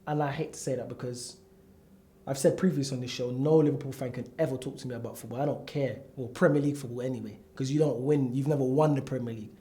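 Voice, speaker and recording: A man's voice: medium pitch, fairly even intonation, fast, mellow. A man co-hosting a casual football chat, making confident, emphatic predictions. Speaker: podcast co-host. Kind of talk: casual banter among friends.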